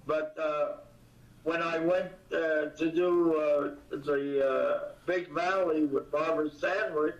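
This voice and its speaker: An older man, a comedian guest in an interview, talking in a halting way with many pauses and fillers, recorded from a distance. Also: fairly high pitch, fairly even intonation. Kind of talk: casual interview. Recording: distant, echoey, dull audio.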